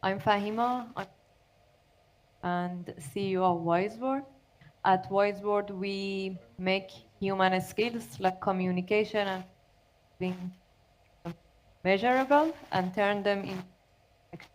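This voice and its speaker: A woman's voice: mid-range voice, fairly even intonation, takes it slowly, pauses often, poor audio. A woman startup CEO giving a polite, concise introduction on a panel. Her voice sits in a middle register.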